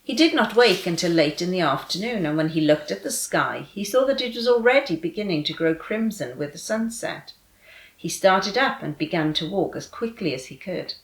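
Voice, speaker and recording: A woman reading a children's story and a devotion aloud in a gentle, clear storytelling manner. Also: fairly low pitch, lively intonation, moderate pace. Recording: echoey room.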